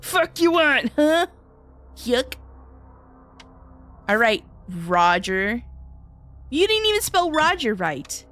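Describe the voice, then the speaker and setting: A woman with a bright, high voice that leaps up and down as she streams a horror game. She reacts loudly and swears freely, tossing quick thanks to her viewers, while soft music plays behind her. Her pitch swings widely from line to line. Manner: loud animated reactions, frequent swearing; chatty, thanks viewers in passing. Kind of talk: live gameplay commentary.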